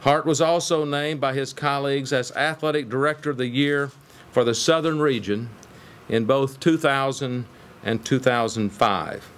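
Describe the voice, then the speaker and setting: A middle-aged man serving as university chancellor who gives a measured, formal introduction at a press conference, with touches of light humor. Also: mid-range voice, clean tone.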